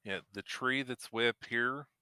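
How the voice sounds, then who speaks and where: A man running a tabletop game as game master, narrating scenes in a slow, measured way. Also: medium pitch, pushed and bright, clean tone, no echo, clean studio sound.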